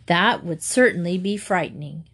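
A woman's voice: lowish voice, normal speed, fairly bright tone, husky. A bored young shepherd boy, read by a woman. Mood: musing.

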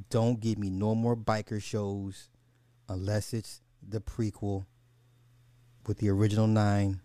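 A man's voice: mid-range voice, mellow, no echo. A man hosting a podcast, ranting in casual talk, swearing freely and repeating himself when worked up. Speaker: podcast host.

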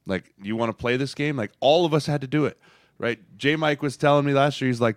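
Energetic former football player co-host. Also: male voice, mid-range voice, fairly quick, no room sound, studio quality. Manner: energetic, coaching tone, acts out others' lines. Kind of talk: casual podcast chat.

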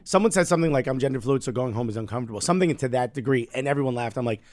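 A man from Newark, New Jersey, rattles off comedic anecdotes at a quick clip on a podcast. His delivery is slangy and animated, and he often laughs mid-story. The sound is dry and close, with no room around it. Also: medium pitch, dry recording. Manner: animated, slangy, laughs while telling stories. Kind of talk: casual comedic chat and storytelling.

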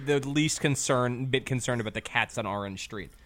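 A man's voice: mid-range voice, normal speed, fairly bright tone. A man co-hosting a casual podcast, chiming in with dry, wisecracking comebacks. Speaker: podcast co-host.

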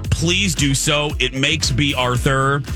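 A man's voice: medium pitch, takes it slowly, music in the background. A man co-hosting a morning radio show, chatting casually with many fillers and self-mocking restarts. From Indiana. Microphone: studio microphone.

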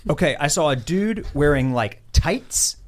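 A man's voice: fairly high pitch, expressive, a little slow. A young man hosting a casual chat about festival fashion, loose and rambling, with plenty of fillers and restarts.

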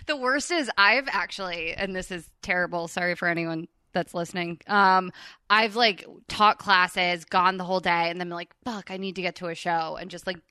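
A woman hosting a casual podcast chat, bubbly and quick to laugh, with lots of fillers. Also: fairly low pitch, sharp tone, clean tone, dry recording. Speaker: podcast host.

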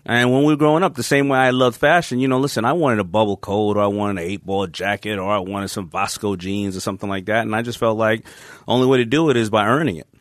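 A man telling stories as a podcast guest, lively and laughing, with casual swearing. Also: on the low side, fast talker, hardly any pauses, no echo, studio quality. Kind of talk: animated storytelling.

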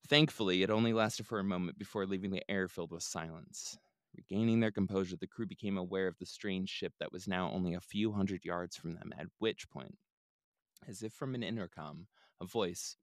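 A man's voice: low voice, lively intonation, normal speed, no room sound. A man hosting a podcast, retelling a story in a casual, laid-back way with joking asides. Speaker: podcast host.

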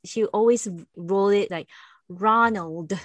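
A woman's voice: mid-range voice, expressive, normal speed, no room sound. A woman hosting a casual podcast, chatty and playful, laughing easily. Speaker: podcast host.

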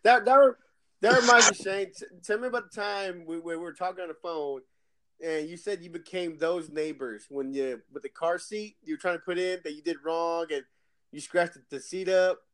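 Man, high voice, podcast co-host, teasing, egging on stories. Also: normal speed, a bit bright. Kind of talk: casual chat.

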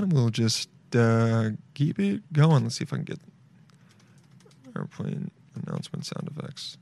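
A man's voice: medium pitch, lively intonation, a little slow, vocal fry, a little mellow. Laid-back, profane male podcast host. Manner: loose, rambling and profane, with playful asides. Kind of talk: casual solo show chat.

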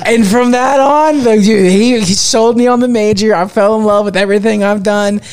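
Central florida guy hosting a podcast, easygoing, high voice, says like a lot. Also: normal speed, darkish tone, clear, resonant tone. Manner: laid-back, uses dude and like often. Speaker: podcast host. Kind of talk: casual podcast chat.

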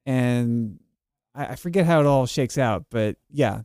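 A young man co-hosting a casual podcast, explaining plot points in a relaxed way. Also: medium pitch, measured pace, clear, resonant tone, no room sound, studio quality. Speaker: podcast co-host. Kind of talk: casual chat.

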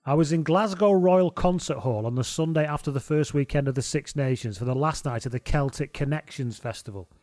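A man's voice: a little high, fairly quick, hardly any pauses, a little mellow, dry recording, clean studio sound. A man co-hosting a podcast in casual, sweary, joking banter. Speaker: podcast co-host. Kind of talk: casual chat.

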